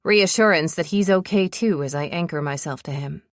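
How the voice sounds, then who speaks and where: A woman's voice: low-pitched, normal speed, dry recording, clean studio sound. A woman narrating a romance audiobook in first person, telling the story with breathless urgency.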